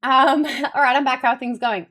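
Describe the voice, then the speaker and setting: A woman's voice: high-pitched, fairly even intonation, moderate pace, fairly bright tone. Chatty, foul-mouthed woman streamer. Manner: rambling, profane storytelling; reads and answers chat messages. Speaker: Twitch streamer. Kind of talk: casual stream chat.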